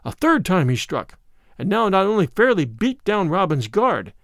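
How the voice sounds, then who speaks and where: A man narrating an audiobook story in an expressive, dramatic way. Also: sits high, normal speed, no echo, clean studio sound.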